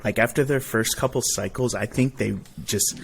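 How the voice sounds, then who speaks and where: A man chats as a podcast host, dropping offhand opinions in a relaxed way. His voice sits low and grinds with a gravelly fry, over a faint bed of noise. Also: moderate pace. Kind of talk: casual chat.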